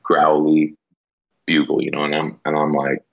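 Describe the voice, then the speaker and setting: A man with a very deep, husky voice tells a story in a loose, rambling way. He fills his talk with "you know" and "like" as he goes. The recording sounds dull and lo-fi. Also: monotone, moderate pace. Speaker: podcast guest, elk hunter. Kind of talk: casual storytelling.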